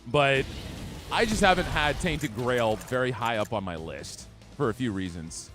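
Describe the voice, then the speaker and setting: Excitable male streamer with hiccups, game music behind. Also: mid-range voice, unhurried. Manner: chatty, reads chat aloud, reacts and laughs. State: has hiccups. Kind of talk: live gameplay commentary.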